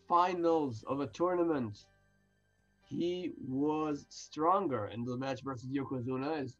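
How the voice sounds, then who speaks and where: A man's voice: medium pitch, highs cut off. A man co-hosting a podcast who chats casually and drops dry, wisecracking remarks. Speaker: podcast co-host. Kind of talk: casual chat.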